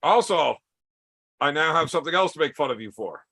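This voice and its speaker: A man's voice: fairly high pitch, expressive, brisk, sharp tone. A man hosting a podcast in casual chat, teasing his guest with crude, profane banter. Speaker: podcast host.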